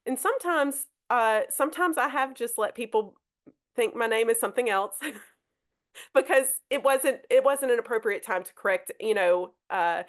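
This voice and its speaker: Woman teacher chatting through a lesson, bit high voice, lots of restarts and um. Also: normal speed. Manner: chatty, hesitant, many restarts. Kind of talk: live podcast lesson.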